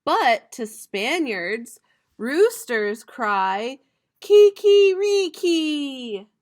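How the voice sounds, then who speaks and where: Slow, playful woman reading to children. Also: on the high side, animated. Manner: slow, playful reading with bright, loud animal-sound imitations. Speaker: teacher. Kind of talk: picture book read-aloud for students.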